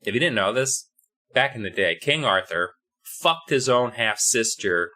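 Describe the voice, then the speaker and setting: A man's voice: medium pitch, expressive, measured pace, pushed and bright. A young man co-hosting a podcast, recapping a story in a profane, rambling, jokey way. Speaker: podcast co-host. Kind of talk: casual comedic recap.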